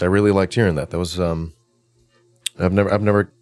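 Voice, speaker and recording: Chatty host with a low voice. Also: male voice, fairly even intonation, brisk, darkish tone, soft background music. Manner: upbeat, chatty, stumbles and repeats words. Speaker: interview show host. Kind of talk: casual interview chat.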